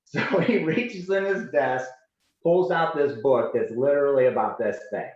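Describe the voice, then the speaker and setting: A man in his forties, a podcast guest and Navy veteran, telling animated anecdotes in a casual way and acting out the people in them. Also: mid-range voice, a little slow. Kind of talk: casual storytelling. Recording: roomy, dull lo-fi sound.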